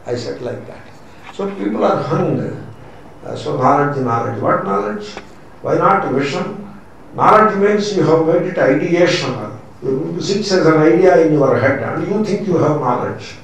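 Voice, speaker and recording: A man's voice: fairly high pitch, expressive, unhurried, gravelly. A man with an Indian accent, a swami teaching scripture in a lecture, stressing points by repeating them and using Sanskrit terms. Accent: Indian English. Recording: very echoey room, mic far off, faint noise.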